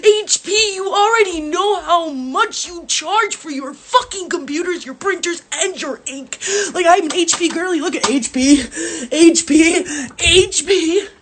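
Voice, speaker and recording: A woman with a very high voice vents about a grievance in an angry, profane rant. She is crying as she talks, her words breaking with tears. It is raw and upset. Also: measured pace, few pauses, fairly bright tone, slight background noise. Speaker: mother. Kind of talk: ranting phone video.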